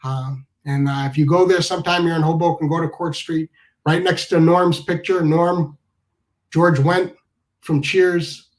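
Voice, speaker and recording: A man's voice: fairly high pitch, steady tone, a little slow, rough recording. A man from the New telling a rambling, casual comic story, full of restarts and asides.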